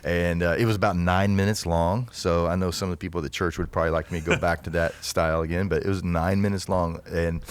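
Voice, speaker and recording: A man telling stories from his past in a casual podcast chat, chatty and quick to laugh. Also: sits low, steady tone, smooth.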